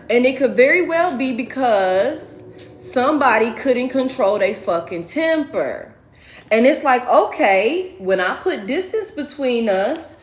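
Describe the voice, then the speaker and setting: A woman giving a casual, profane tarot reading to her viewers, talking fast and laughing as she goes. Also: high voice, echoey room, slight background noise. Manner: animated, profane, laughing, chatty. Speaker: tarot reader.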